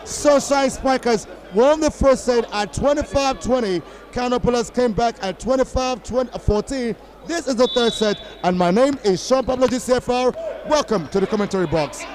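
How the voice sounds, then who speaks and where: High-voiced excitable commentator. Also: male voice, normal speed, rough recording. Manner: excitable, bursts into shouts on big plays. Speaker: volleyball commentator. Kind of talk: live play-by-play commentary. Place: commentary box at an indoor sports hall.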